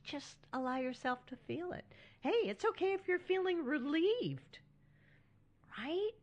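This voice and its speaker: This middle-aged solo podcast host has a high, animated voice and takes her time, though the high frequencies are cut off. She talks frankly, warmly and reassuringly, often checking in with "right?".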